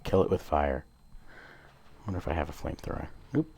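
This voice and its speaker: A man's voice: low-pitched, very animated, normal speed, pauses often, darkish tone, a little hiss or hum. A man giving casual gameplay commentary, grumbling and squeamish at creepy scenes. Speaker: gameplay streamer.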